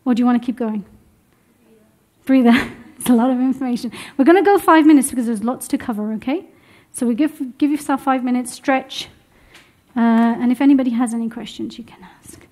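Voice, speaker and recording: Teaching womb health to a seated live group, a young woman speaks in a high, lively voice at a brisk pace. She's encouraging and chuckles easily as she leads the workshop.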